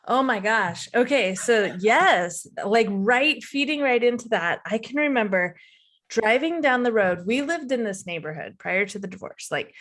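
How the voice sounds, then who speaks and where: A woman who is a guest on a podcast interview, telling her personal story in a candid, animated way. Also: fairly high pitch, normal speed.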